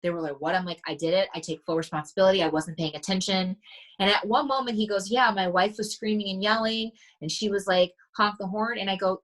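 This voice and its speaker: A woman's voice: medium pitch, a bit bright, low-quality recording. A woman mindset coach, a podcast guest, telling stories animatedly and acting out the dialogue she quotes. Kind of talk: casual podcast conversation.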